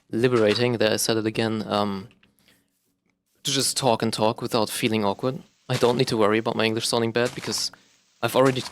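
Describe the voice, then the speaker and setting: A young man from Germany, speaking German as his first language, rambles through a casual vlog monologue. His voice sits a little low, and he hesitates often, restarting sentences and filling pauses with "uh" and "um". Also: a little hiss or hum. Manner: rambling, self-conscious, many fillers and restarts. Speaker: vlogger.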